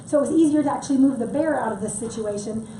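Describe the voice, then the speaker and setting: A middle-aged woman presents a chatty public workshop on wildlife, adding joking asides. Her voice is slightly high with a dark tone, and she talks quickly. The room is echoey, the mic is far away, and there's a bit of hiss or hum.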